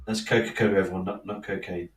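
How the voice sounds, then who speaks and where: A man's voice: deep voice, fairly even intonation, fast. A man, joking playfully on a casual podcast. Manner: jokey, playful.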